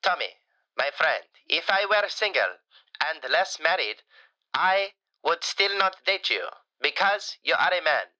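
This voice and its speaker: An effusive falafel shop owner. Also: male voice, a little high, a little slow, exaggerated voice. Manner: effusive, broken grammar, playful deadpan jokes. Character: doting male falafel shop owner, flamboyant. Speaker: caller.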